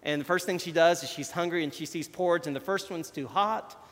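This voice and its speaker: Chatty preacher in a big echoing hall. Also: male voice, a little high, a little fast, a bit bright. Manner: chatty, self-deprecating, shows props while talking. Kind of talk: conversational sermon.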